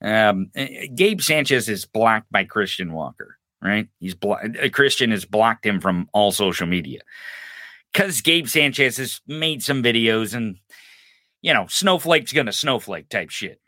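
A man's voice: on the low side, expressive, measured pace, pushed and bright, dry recording, studio quality. A man hosting a live political podcast in casual commentary, mocking and profane, often laughing. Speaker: podcast host. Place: live-streamed podcast set.

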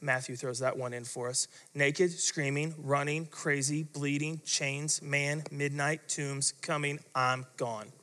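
Man, pastor, higher voice, dramatic storytelling sermon, long hall reverb. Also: steady tone, slow, few pauses, pushed and bright.

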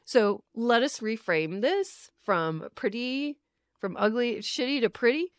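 Lively, laughing woman podcast co-host. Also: fairly high pitch, takes it slowly, dry recording, studio quality. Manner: animated, laughs often, swears freely. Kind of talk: casual chat. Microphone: studio microphone.

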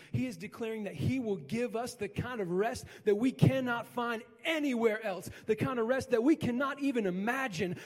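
A middle-aged male pastor delivers a sermon in a notably high voice. He drives his points home with emphatic, repeated phrases. His words carry a long reverb, as if filling a large church sanctuary. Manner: preaching with rising, emphatic repetition.

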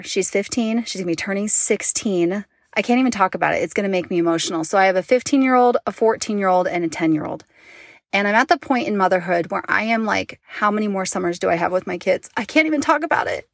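A woman's voice: mid-range voice, lively intonation, fast, creaky, no room sound, clean studio sound. A woman in her thirties from Utah, talking straight to her viewers in a chatty, emotional personal vlog. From Utah, United States. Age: 30s. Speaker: mom vlogger and online business owner.

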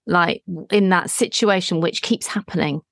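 Female therapist-host, gentle and reflective, guiding tone, dry recording. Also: on the low side, moderate pace, dry recording. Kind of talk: therapy session dialogue.

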